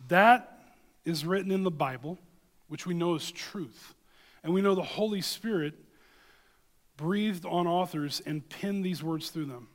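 A man's voice: a little high, unhurried, big-room sound. A man preaching a sermon, reading scripture and telling a story, earnest and emphatic, often checking in with listeners.

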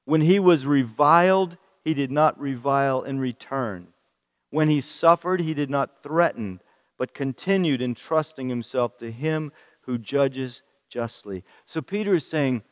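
A male preacher delivering a sermon at an unhurried, deliberate pace, with a voice of ordinary middle pitch. He grows emphatic and rises to stress key points as he reads scripture. A long hall reverb trails his words in the church room.

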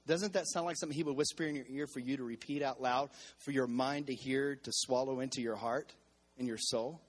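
A man's voice: medium pitch, fairly even intonation, fairly quick, a little hiss or hum. A man preaching a sermon as pastor to his church, calling on the congregation to respond and repeating phrases as he builds intensity.

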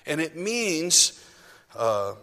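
A man's voice: on the high side, sing-song, drawn-out words, bright, forceful tone. A male pastor giving a chatty, self-deprecating sermon full of asides, speaking to his congregation in a church sanctuary. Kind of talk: conversational sermon. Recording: long reverb of a hall.

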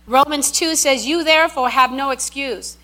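Bright high-voiced woman preaching. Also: moderate pace. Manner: emphatic, repetitive, with animated asides. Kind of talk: sermon.

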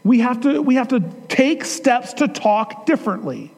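A man's voice: extremely high pitch, lively intonation, normal speed, vocal fry. A man preaching a sermon as pastor, earnest and at times emphatic, speaking in a church. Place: church sanctuary. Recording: long hall reverb.

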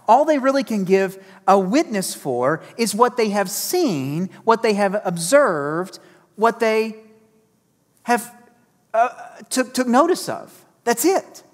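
A man preaching a sermon as pastor, energetic and emphatic, repeating key phrases and slipping in self-deprecating asides. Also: high-pitched. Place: church sanctuary. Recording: long reverb of a church hall.

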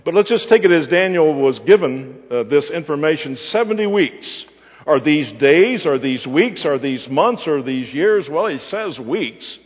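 A man's voice: fairly high pitch, expressive, a little slow, breathy edge. A man preaching a Bible-teaching sermon, quizzing his listeners and answering himself. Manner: asks the audience questions and answers them. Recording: muffled hall recording with long reverb.

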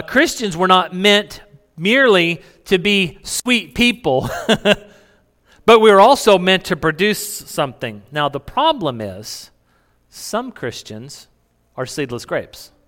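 A man's voice: high-pitched, sharp tone. A man preaching a sermon as pastor, conversational, asking the congregation questions and chuckling between points. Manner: chuckles, many restarts. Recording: reverberant hall.

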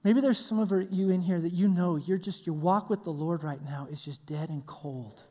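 A man preaching a sermon as a pastor. He tells stories with animation and swings between loud passages and hushed ones. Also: high voice, normal speed. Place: church hall. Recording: long hall reverb.

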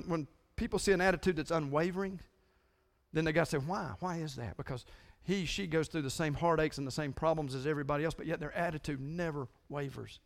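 A middle-aged man preaching a sermon to his congregation as their pastor, earnest and confessional, urging a quiet crowd to wake up. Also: on the high side. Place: church sanctuary.

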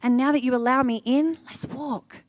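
Soft-spoken, tender Jesus, as a woman preacher puts him on, gently coaxing and reassuring. The voice stays quiet, hushed and close, with a dry sound and no room echo. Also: high voice, fairly even intonation, moderate pace, close to an everyday voice.

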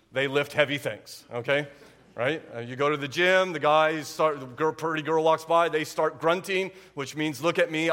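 A man in his forties preaches to his church in a fairly high voice. He keeps things light with jokes and quick asides. He checks in with the room again and again, asking "okay?" and "right?". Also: a bit bright. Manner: joking, talks straight to the congregation with quick asides and repeated "okay?". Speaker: pastor. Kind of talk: humorous sermon. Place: church sanctuary.

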